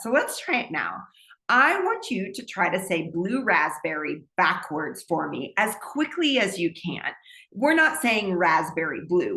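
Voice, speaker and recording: A woman's voice: mid-range voice, pushed and bright. A woman, a speech pathologist, giving a recorded presentation in an explanatory teaching manner with light laughs. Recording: echoey room.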